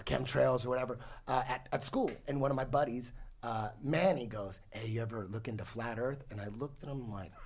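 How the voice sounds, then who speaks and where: A man in his forties telling a long story in casual talk, rambling and animated, swearing often and restarting his sentences. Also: on the high side. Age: 40s. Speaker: podcast guest telling a story.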